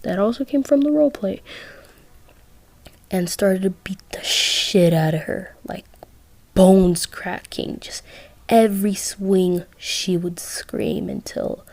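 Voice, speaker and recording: A woman's voice: medium pitch, expressive, slow, creaky, dark tone, dry recording. A young woman casually telling a listener role-play story, rambling with asides.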